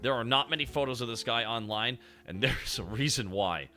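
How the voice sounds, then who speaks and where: Dude ranting on stream, super sharp bright voice, swears constantly. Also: male voice, mid-range voice, a little fast, soft background music. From Canada. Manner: excitable, swears a lot, laughs often. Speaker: streamer host. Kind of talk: casual stream chat.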